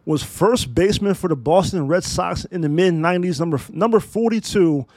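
A man's voice: high voice, moderate pace, a little mellow, no echo. Blunt, profane male podcast host. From Maryland, USA. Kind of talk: opinionated solo podcast monologue.

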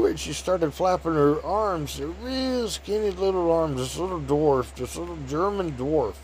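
A man's voice: fairly high pitch, expressive, normal speed, a little mellow, a little hiss or hum. A middle-aged man telling a rambling, folksy story in a casual way.

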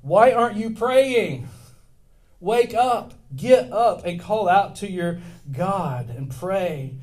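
A preacher voicing a stern ship's captain, giving loud, urgent, drawn-out commands. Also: male voice, sits high, animated, pitched above the performer's own voice.

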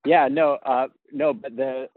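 A man's voice: medium pitch, steady tone, a little slow, no room sound. A man in casual podcast chat who jokes and laughs easily. His voice comes through a narrow, phone-like remote connection. The sound is dry and boxed in. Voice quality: tinny, grainy audio. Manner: laughs often, loose and jokey. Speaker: podcast guest. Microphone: remote call line. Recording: tinny phone-like remote call.

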